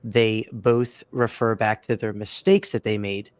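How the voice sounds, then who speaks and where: A man's voice: on the low side, little pitch movement, unhurried, clean tone, no echo. A man co-hosting a podcast, giving emphatic advice in a casual chat and stammering at times. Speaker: podcast co-host.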